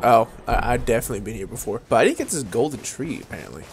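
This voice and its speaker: A young man giving casual, excitable, slangy commentary while playing a game, talking straight to the enemies he fights. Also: medium pitch, very fast, noisy background. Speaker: gaming video creator. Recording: voice over game music.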